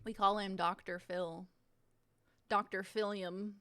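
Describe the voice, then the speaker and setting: A woman's voice: medium pitch, level tone, takes it slowly, bright, forceful tone, clear, resonant tone, dry recording. A young woman streamer in casual chat, reading viewer messages aloud and reacting in a chatty, giggly way.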